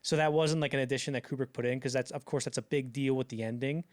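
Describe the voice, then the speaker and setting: A young man co-hosting a podcast in casual chat, talking animatedly and jumping into loud acted-out quotes. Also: mid-range voice, quick pace. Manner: animated, acts out quotes in bursts, many fillers. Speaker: podcast co-host.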